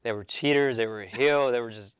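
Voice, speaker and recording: An emphatic man with a blunt, conversational delivery at an average pitch. His voice sounds dry and close, with no room echo. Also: fairly quick, smooth. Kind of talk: casual panel chat.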